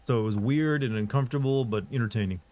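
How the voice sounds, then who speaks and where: A man streaming live who answers chat in a casual, monotone, rambling way, full of fillers and restarts. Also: mid-range voice, fast. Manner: monotone, flat delivery.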